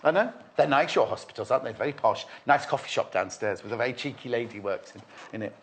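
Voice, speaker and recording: A Merseyside man with a mid-range voice talks quickly and animatedly as he hosts a live shopping show. He gushes over the products, repeats himself, and trades teasing banter with his guest in a chatty sales-presenting style.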